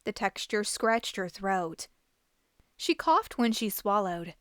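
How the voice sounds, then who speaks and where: Animated woman reading a children's story. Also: medium pitch, takes it slowly, clean tone, no echo, clean studio sound. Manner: animated, expressive. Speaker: host and storybook reader.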